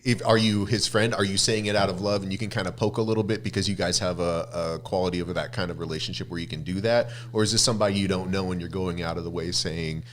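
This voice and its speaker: A man's voice: low voice, steady tone, fast, few pauses. A man who is a podcast guest in casual chat, reflective, raising questions and hedging his points.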